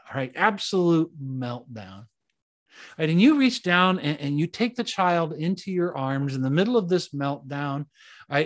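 Man preaching with slow, emphatic repetition. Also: a little high. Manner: dramatic preaching with slow, emphatic repetitions and hushed storytelling passages. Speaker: pastor. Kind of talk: sermon.

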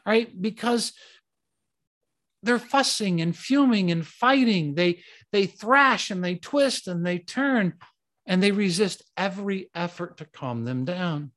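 A male pastor preaching a sermon with a dramatic delivery. He repeats short commands with slow, deliberate emphasis, then lowers his voice to near-hushed tones when he tells a story. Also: lively intonation.

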